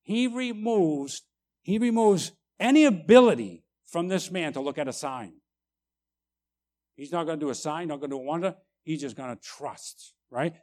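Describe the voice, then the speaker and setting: A man preaching a sermon, emphatic, tagging lines with "right?" and swinging between loud and quiet. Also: a little high. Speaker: pastor.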